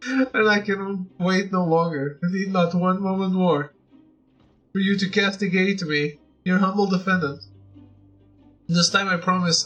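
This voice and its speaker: A man's voice: high-pitched, fairly bright tone, low-quality recording. A man reading a love letter in the voice of an obsessive, theatrical woman admirer with florid, old-fashioned phrasing. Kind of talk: reading a letter aloud from a game.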